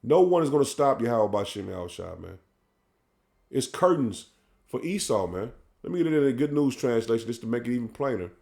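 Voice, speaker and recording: A man preaching, tagging "man" onto his lines and reading scripture slowly and loudly. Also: mid-range voice, sing-song, gravelly. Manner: fervent, says "man" after nearly every line; reads verses slowly and loudly. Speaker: street preacher.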